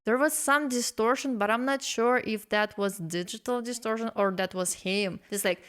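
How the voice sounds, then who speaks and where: A woman's voice: a little high, normal speed, hardly any pauses, fairly bright tone. A woman hosting a casual reaction video, talking expressively and singing short snippets to illustrate her points. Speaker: host reacting to a song.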